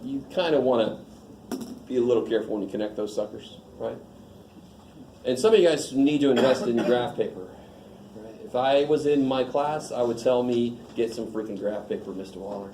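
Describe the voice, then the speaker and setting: A man's voice: medium pitch, warm tone, slight background noise. A man teaching a math class in a casual lecture, joking and quizzing the students. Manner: joking, informal, asks the class questions. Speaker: math instructor. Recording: echoey classroom, faint ambience.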